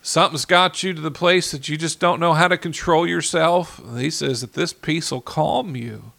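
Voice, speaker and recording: A man preaching a sermon in an earnest way, repeating key phrases and slowing down to stress them. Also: a little high, vocal fry, pushed and bright, no echo.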